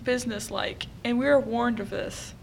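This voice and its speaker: A young woman with a fairly high voice, chatting casually and playfully as a podcast co-host. She laughs easily and jokes along. A faint low rumble sits behind her. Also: steady tone, normal speed, creaky, low-quality recording. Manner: giggly, playful, joking. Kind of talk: casual chat.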